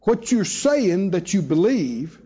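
A man's voice: high-pitched, sing-song, slow pace, dark tone, highs cut off. A man preaching a sermon to a live congregation, emphatic and call-and-response, drawing out key phrases and acting out quotes as he tells stories. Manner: storytelling with voiced quotes. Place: church hall with live audience.

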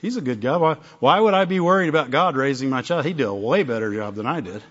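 A man's voice: medium pitch, animated, fast talker, fairly bright tone. A man preaching a sermon in a conversational way, often breaking off and acting out little dialogues. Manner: conversational, self-interrupting, acts out little dialogues. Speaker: pastor. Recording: dull lo-fi recording.

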